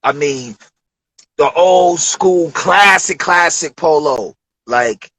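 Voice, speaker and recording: Guest: man from Detroit, slightly higher voice, dry close sound, lively slangy raconteur. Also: takes it slowly, no echo, rough recording. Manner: animated storyteller, acts out quoted voices, profane slang. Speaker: interview guest, rapper. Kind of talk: casual storytelling interview. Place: studio.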